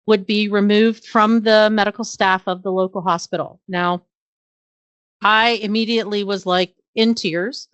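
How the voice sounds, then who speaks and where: A woman's voice: mid-range voice, fairly even intonation, a little slow, a bit bright, no room sound, dull audio. A middle-aged woman who works as a nurse practitioner, a guest in an interview. She tells career anecdotes earnestly, with frequent ums and uhs. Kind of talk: conversational storytelling interview.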